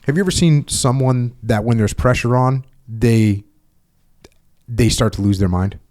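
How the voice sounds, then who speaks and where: A man's voice: mid-range voice, unhurried. Middle-aged man telling stories emphatically. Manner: acts out quoted voices, animated and emphatic. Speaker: podcast host. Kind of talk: casual conversational storytelling.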